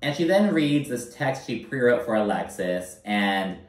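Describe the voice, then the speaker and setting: A man recapping a reality TV episode in a blunt, animated, profane way. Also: mid-range voice, unhurried. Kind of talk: casual commentary. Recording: roomy echo, mic held at a distance.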